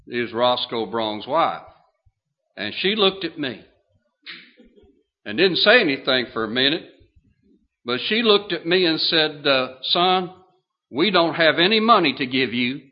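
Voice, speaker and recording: An older man in his sixties preaching a sermon, telling a folksy story with drawn-out phrases and many fillers. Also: medium pitch, dull audio. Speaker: pastor.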